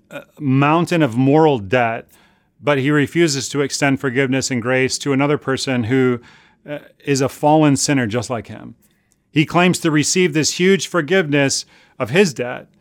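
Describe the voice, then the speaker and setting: Male pastor, mid-pitched, earnest sermon delivery with emphatic repeats; dry, close recording. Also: no room sound. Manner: earnest, deliberate, with emphatic repetition.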